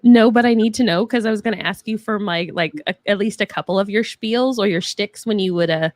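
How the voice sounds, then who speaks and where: A woman cohosting a casual chat on a video call, chatty and joking and quick to laugh. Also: mid-range voice, darkish tone, no echo, clean studio sound.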